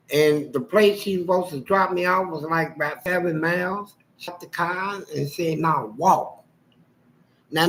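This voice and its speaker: Give me a man with a bright, forceful voice, spinning a slangy personal story live and acting out every quote with animated energy. He talks casually and jumps into the voices of the people in his tale. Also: high voice, poor audio.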